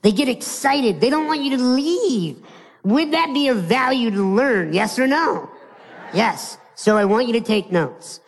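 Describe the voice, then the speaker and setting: A man's voice: very high-pitched, lively intonation, unhurried, big-room sound. An American man giving a live motivational keynote, telling stories playfully and speaking straight to his audience. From United States.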